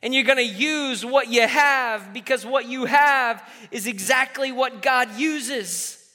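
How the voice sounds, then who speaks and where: A pastor in his thirties preaches a sermon in a reverberant hall, exhorting listeners, using call-and-response, and acting out the voices in his stories. His voice is very high, bright, and forceful, and he speaks slowly.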